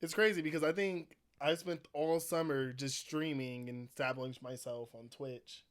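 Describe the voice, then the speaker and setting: A young man co-hosting a podcast in casual chat, playful and quick to laugh, talking straight to his viewers. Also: fairly high pitch, steady tone. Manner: playful, laughs often, addresses viewers directly. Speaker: podcast co-host.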